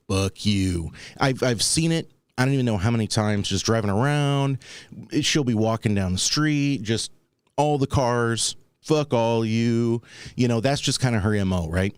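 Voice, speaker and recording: A man's voice: mid-range voice, normal speed, clean tone, dry recording, studio quality. A man hosting a talk show, telling a rambling, wry story and acting out the people he quotes. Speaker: podcast host. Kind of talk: casual comedic storytelling.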